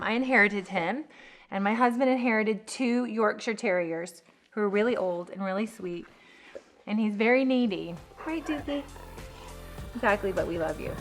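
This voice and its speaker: A pregnant woman vlogging to camera in a chatty, fast, filler-heavy way, a little out of breath. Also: on the high side, sharp tone. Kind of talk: casual chat to camera.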